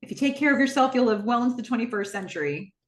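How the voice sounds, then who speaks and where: A woman voicing a dry, terse male doctor who talks in clipped lines with long pauses. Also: a little high, lively intonation, echoey room, lightly acted. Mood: deadpan.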